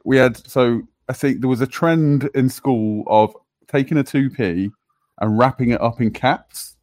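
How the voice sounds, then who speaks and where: A man's voice: mid-range voice, a little slow, dry recording. A man, co-hosting a casual chat and telling stories with casual swearing. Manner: animated storyteller, swears casually. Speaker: podcast co-host.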